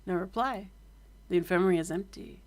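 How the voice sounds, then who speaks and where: A woman's voice: fairly low pitch, brisk, close to an everyday voice. An Australian woman reading a polite young schoolgirl from a game in a plain, matter-of-fact way, close to her own voice.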